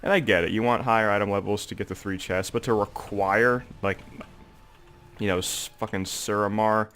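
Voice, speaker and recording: Young man, congested and low-voiced, casual rambling game commentary, faint game noise underneath. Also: fairly even intonation, normal speed, a bit bright. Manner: rambling, heavy on fillers like "like" and "um". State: congested, sore throat. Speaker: gaming video creator.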